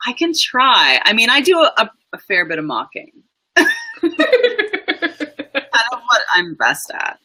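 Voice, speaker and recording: Dry-humored bright-voiced woman guest. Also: medium pitch, wildly swooping pitch, a little slow, pauses often, low-quality recording. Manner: dry, self-mocking humor. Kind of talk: casual chat on a live video show.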